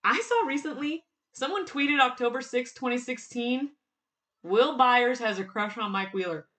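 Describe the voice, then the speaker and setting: Bright, excitable young woman. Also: fairly high pitch, moderate pace. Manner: excited, laughing often, quotes lines in bursts. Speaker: fan commentator. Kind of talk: casual TV reaction commentary.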